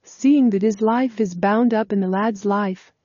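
A woman's voice: mid-range voice, measured pace, a little mellow, no room sound, dull audio, natural voice. A woman reading a humble man pleading in scriptural speech. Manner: archaic scriptural phrasing.

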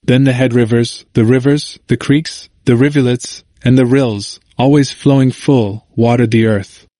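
A man reading scripture and a Bible commentary aloud, with slow, deliberate phrasing broken into short clauses. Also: mid-range voice, steady tone, dark tone, no echo, clean studio sound.

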